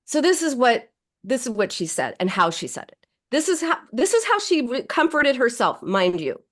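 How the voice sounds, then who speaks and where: A woman's voice: a little high, big pitch swings, normal speed. A woman psychoanalyst speaking as a guest on a podcast interview, explaining her ideas and acting out quoted self-talk.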